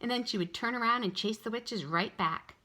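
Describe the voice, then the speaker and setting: A woman tutor reading a children's storybook aloud in an expressive way. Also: a little high, a little fast. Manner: expressive, animated.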